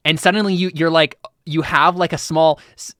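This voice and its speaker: A man's voice: fairly high pitch, fairly even intonation, moderate pace, sharp tone, no room sound, studio quality. A man narrating a tabletop game as game master, chatty and full of fillers. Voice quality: chatty, laughing, filler-heavy.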